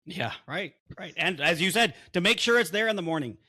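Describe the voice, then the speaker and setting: A man's voice: high-pitched, lively intonation, a little fast, bright, forceful tone, slightly rough, no echo, clean studio sound. A man co-hosting a podcast, blunt and openly emotional, swearing as he vents. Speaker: podcast co-host. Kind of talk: heated casual podcast chat. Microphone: desk-mounted microphone.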